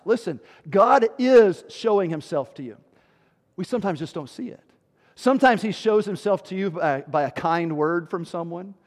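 Male pastor, high voice, emphatic sermon delivery in a church with long reverb. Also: a little mellow. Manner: emphatic, with rhetorical questions and sudden drops in volume.

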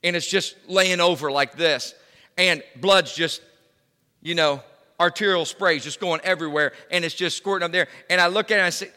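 A middle-aged man preaching a sermon as pastor, emphatic, swinging from loud to hushed. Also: high-pitched, moderate pace, in a large hall. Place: church.

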